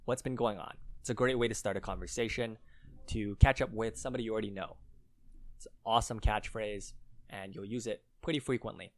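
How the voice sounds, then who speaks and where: A man co-hosting a Mandarin lesson, slowly explaining words and spelling out their tones. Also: on the low side, steady tone, dry recording. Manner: slow, careful spelling out of tones. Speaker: co-host teaching Mandarin.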